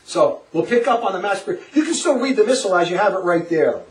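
Man, very high voice, religious lecture, passionate, echoey room, distant mic. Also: a little fast. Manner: impassioned, animated, laughs often, acts out quotes. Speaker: religious teacher. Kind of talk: passionate lecture to a small group.

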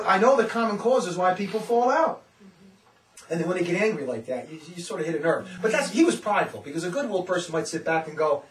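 A man's voice: high-pitched, roomy sound, distant mic, poor audio. A man who leads a religious community, preaching in a fervent, informal way. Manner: fervent, often acts out others' words. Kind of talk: impassioned informal sermon.

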